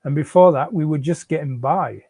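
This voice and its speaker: A man's voice: on the high side, moderate pace, warm tone, breathy edge, no echo. A man reading the part of a defensive, out-of-work young father who stammers and pleads with his wife. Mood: pleading. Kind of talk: live fiction reading.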